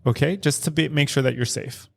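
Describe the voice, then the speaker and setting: A man's voice: a little high, a little fast, gravelly. A man co-hosting a podcast, telling a candid personal story in casual chat, acting out quoted dialogue with lots of "like" and frequent swearing. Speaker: podcast co-host. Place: studio recording.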